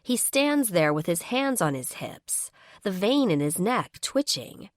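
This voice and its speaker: A woman narrating a first-person romance audiobook in an expressive, wry manner. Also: mid-range voice, measured pace, no room sound, clean studio sound.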